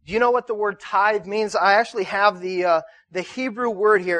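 A man preaches a sermon as pastor, chatting with the congregation and inviting them to respond, with repeated words whenever he restarts. His high, a bit bright voice moves at a moderate pace with few pauses, and the recording is dry.

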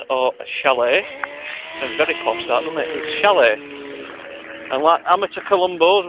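A man's voice: fairly high pitch, slight background noise. A man telling a comic story from his childhood in a wry, digressive, self-mocking way, on a lo-fi recording.

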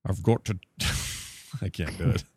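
A man's voice: low-pitched, slow pace, husky, dry recording, exaggerated voice. A man putting on a suave older male spy voice for a joke. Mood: smug.

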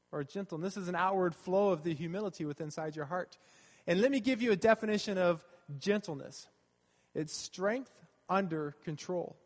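A pastor giving a sermon, earnest and conversational, who repeats his key phrases. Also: sits high. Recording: long hall reverb.

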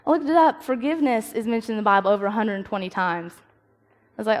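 A woman's voice: fairly high pitch, animated, fast talker. A young woman giving a casual devotional talk, telling stories and acting out her own thoughts. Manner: chatty, storytelling, acts out her own inner dialogue. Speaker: youth speaker. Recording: long reverb of a hall.

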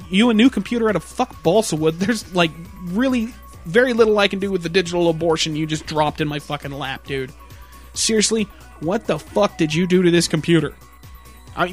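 Man, high-pitched, exasperated, swears constantly, comic rant, soft music underneath. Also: lively intonation, a little fast. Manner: crude, exasperated, swears a lot, laughs mid-sentence; mocks customers in a shrill put-on voice. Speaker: computer repair guy ranting.

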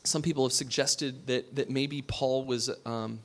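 A pastor with a mid-range voice and fairly even intonation delivers a sermon at an unhurried pace. He speaks conversationally, asks his listeners questions, and drops to a hush for emphasis.

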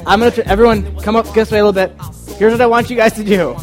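A man's voice: sits high, steady tone, racing, soft background music. A man hosting a podcast in front of a group, joking and coaxing people to join in, repeating himself. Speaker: podcast host. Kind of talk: casual chat to a live group.

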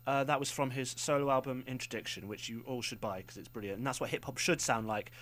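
Young male radio co-host, jokey and rambling, plain middle pitch. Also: fast, a bit bright. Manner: jokey, rambling, self-mocking. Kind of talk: casual student radio banter. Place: radio studio.

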